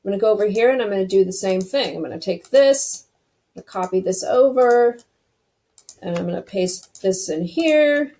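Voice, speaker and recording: A woman's voice: mid-range voice, expressive, normal speed, mellow. A woman hosting a casual screen-recorded web design tutorial, chatty and thinking aloud as she clicks through each step.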